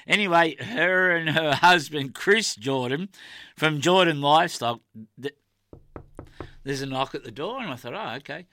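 A man's voice: on the high side, a little slow, bright, forceful tone, no echo. A middle-aged Australian man hosting a radio show, chatting in a rambling, heartfelt way with plenty of fillers. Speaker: radio host. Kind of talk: casual radio chat.

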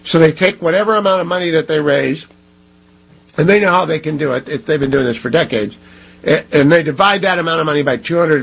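A man's voice: a little high, gravelly, a bit bright, breathy edge, poor audio. A middle-aged man hosting a radio talk show and reading live ads in a studio, emphatic and repeating phone numbers.

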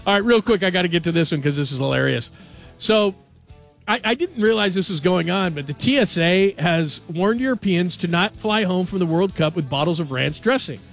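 A man hosting a sports radio show, chatting casually and reading headlines in a jokey, animated way. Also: sits high, fairly quick, creaky, faint music behind.

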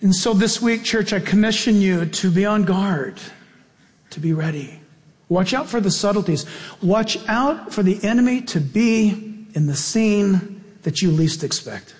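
A man's voice: sits high, expressive. A male pastor preaching a sermon and closing in prayer, earnest and exhorting. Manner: earnest, exhorting, drawn-out phrasing. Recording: long reverb, faint music.

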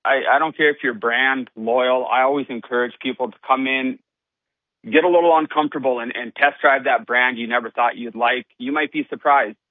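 A man's voice: mid-range voice, steady tone, normal speed, dry recording. A man who sells cars, chatting on a radio show in an easygoing, folksy way with small restarts. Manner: easygoing, folksy, repeats himself. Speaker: car salesman. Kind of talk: casual radio chat. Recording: tinny phone-like line.

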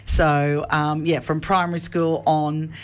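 A woman's voice: low voice, level tone, slow. A woman in her forties, a community theatre actor, talking enthusiastically in a casual interview and laughing easily.

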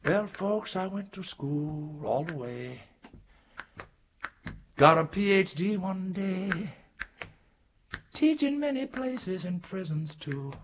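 An older man performing a story in rhythmic, sing-song spoken word, swinging from loud cries to hushed whispers. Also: sits high, expressive, slow, long pauses. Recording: dull lo-fi recording with faint noise.

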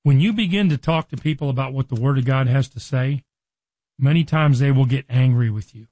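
A man's voice: medium pitch, a little mellow, no room sound. A man teaching from the Bible on a radio program, earnest and conversational, now and then acting out the lines he quotes.

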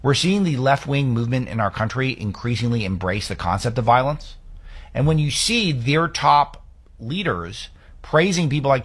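Male talk host, emphatic, sarcastic, mid-pitched, opinion monologue. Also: slightly rough. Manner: emphatic, sarcastic rhetorical questions. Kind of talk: political commentary monologue.

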